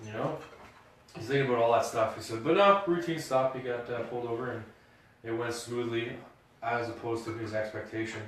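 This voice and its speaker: A podcast co-host with a mid-range voice talks a little fast, telling stories in casual chat and loudly acting out quotes with real gusto. The mic sits at a distance, giving a roomy echo, with slight background noise.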